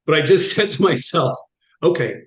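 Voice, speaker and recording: A man's voice: a little high, lively intonation, moderate pace. A middle-aged man, a guest on an interview show, tells stories with energy and acts out the dialogue in them. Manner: vivid, acts out quoted dialogue. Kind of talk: animated storytelling. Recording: echoey room.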